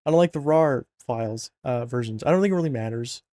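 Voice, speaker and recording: A man's voice: medium pitch, fast, warm tone, dry recording. A man casually talking through a mod install on a screen recording, rambling and joking with lots of fillers and self-corrections, a bit sleepy. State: yawning, sleepy. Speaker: mod install tutorial narrator.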